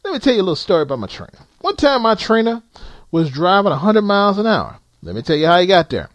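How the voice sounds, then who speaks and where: A man's voice: sits high, sing-song, fast talker, no room sound. A man who drives trucks, giving blunt, profane advice to other drivers in an emphatic rant. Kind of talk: blunt ranting advice to viewers.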